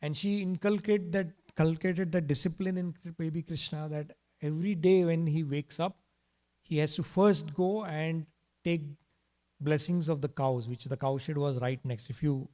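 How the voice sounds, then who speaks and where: A man's voice: a little high, mellow. A man telling a devotional story in a temple class, in a casual way with frequent restarts. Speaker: speaker giving a scripture class. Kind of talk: storytelling sermon. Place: temple hall.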